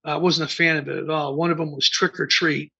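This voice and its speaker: A man's voice: fairly high pitch, level tone, fairly quick, gravelly, bright, forceful tone. A man in his sixties from the American Midwest, a band founder telling rambling stories as an interview guest, full of fillers and restarts. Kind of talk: casual interview storytelling. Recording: dull lo-fi remote interview audio.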